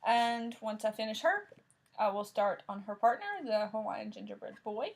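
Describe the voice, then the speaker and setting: A woman's voice: mid-range voice, normal speed, gravelly. A woman host casually showing her craft projects, thinking aloud with small restarts. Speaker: crafting vlogger. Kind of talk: casual show-and-tell chat.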